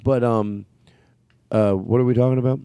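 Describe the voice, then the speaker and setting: A man's voice: mid-range voice, fairly even intonation, normal speed, dark tone, clean tone, no echo. A man hosting a podcast after-show, chatting casually in a meandering way, full of fillers, restarts and self-interruptions. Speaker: comedian podcast host. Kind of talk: casual rambling chat.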